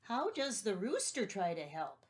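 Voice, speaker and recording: A woman's voice: medium pitch, huge pitch swings, measured pace. A woman teacher reading a children's story aloud and patiently explaining vocabulary and asking questions. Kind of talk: read-aloud vocabulary lesson.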